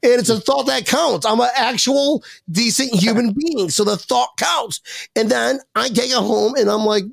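A man hosting a casual sports podcast, joking loudly, swearing and acting out voices in his stories. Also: extremely high pitch, moderate pace, gravelly, dry recording. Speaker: podcast host.

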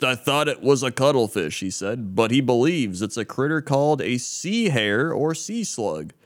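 A man with a medium-pitched, fairly bright voice co-hosts a podcast, casually reading made-up sports and news segments. He laughs often and stumbles through the news items as he reads them.

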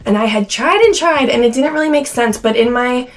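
This young woman from Cincinnati, in the American Midwest, co-hosts a podcast, chatting casually and dropping "like" constantly. Her voice sits on the high side with lively intonation and a slightly fast pace, and it's wearing thin as she loses it.

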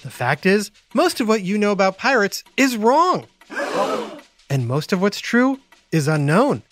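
A man's voice: high voice, sing-song, unhurried, fairly bright tone, no echo. Playful man hosting a kids show. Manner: playful, explaining to children. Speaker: host. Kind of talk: educational kids podcast narration.

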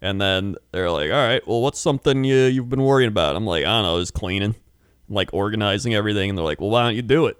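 A man's voice: on the low side, fast talker, clear, resonant tone, dry recording, clean studio sound. Laughing, rambling man in casual chat. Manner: laughs often, rambling storytelling. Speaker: podcast co-host.

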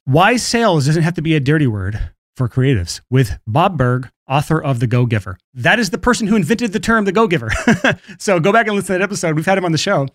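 A man's voice: on the high side, big pitch swings, fast talker, no echo, studio quality. A man hosting his own podcast alone, talking casually and laughing briefly between points. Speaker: podcast host. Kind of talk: solo podcast monologue on marketing.

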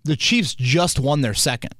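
A man's voice: fairly high pitch, lively intonation, unhurried, fairly bright tone, dry recording. A man hosting a sports podcast in a casual, rambling way, spinning hypotheticals. He is recorded on a close, dry mic. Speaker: podcast host.

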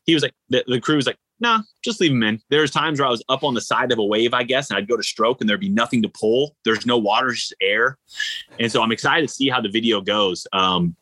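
A man, an endurance athlete, telling stories in a casual interview, animated and rambling with lots of fillers. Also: mid-range voice, fast, no echo, poor audio. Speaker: ultra-endurance athlete guest.

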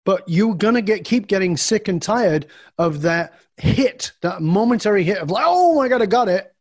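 Man, middle-aged, coach on a podcast, animated storyteller, slightly high voice, dead dry room. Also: moderate pace, breathy edge, no echo. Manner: animated storyteller acting out dialogue. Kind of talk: podcast interview answer.

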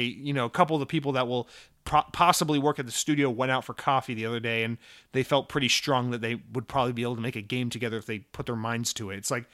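Male gaming podcast host, fairly high voice, sarcastic and exasperated, swears freely. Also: sharp tone. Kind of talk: casual opinionated news rant.

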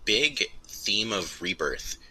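A man's voice: fairly low pitch, sing-song, takes it slowly, pushed and bright, a little hiss or hum, low-quality recording. A man calling in as a guest on a podcast, talking earnestly about the topic. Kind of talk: casual podcast chat. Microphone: remote call-in line.

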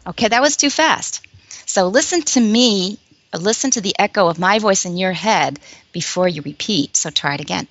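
A woman's voice: medium pitch, moderate pace, a bit bright, rough recording. A woman, an English professor, explaining a language learning method as an interview guest, patient and demonstrative, repeating short phrases for the listener.

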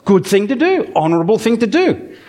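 A man delivers a chatty, story-driven sermon, reading scripture aloud and then explaining it with playful asides. His voice sits fairly high for a man and swoops up and down with lively expression. He talks to the congregation as if chatting with friends. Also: brisk. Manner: animated storytelling with humorous asides. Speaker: preacher. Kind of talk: conversational sermon with Bible reading.

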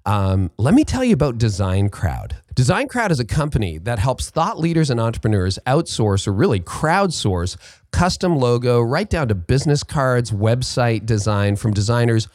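A man's voice: mid-range voice, big pitch swings, moderate pace, a little mellow, no echo, clean studio sound. A man hosting a podcast, reading an ad and interviewing a guest in an upbeat, chatty way with casual fillers. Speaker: podcast host.

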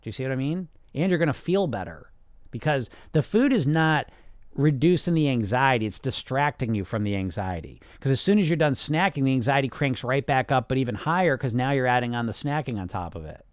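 A man's voice: mid-range voice, lively intonation, a little fast, dry recording, clean studio sound. A man hosting a casual podcast monologue as a weight loss coach, blunt and sarcastic, and he swears freely.

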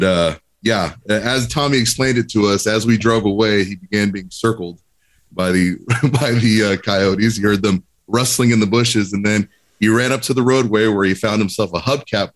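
A man on a podcast telling a comic anecdote with lively, building tension. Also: fairly low pitch. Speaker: podcast co-host telling a story. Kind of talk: animated anecdote.

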